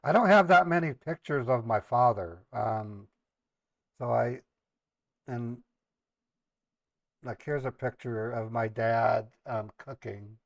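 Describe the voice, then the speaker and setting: A man's voice: medium pitch, slow, creaky, pauses often, no echo. Man, middle-aged, livestreamer, casual storytelling, rambling, dry recording. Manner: rambling, repeats words, laughs at own jokes. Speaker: live streamer and scambaiter.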